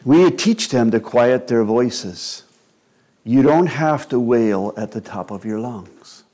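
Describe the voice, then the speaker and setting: A man preaching a sermon in a slow, measured and earnest way, with quiet asides. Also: medium pitch, expressive. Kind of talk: sermon on child-rearing.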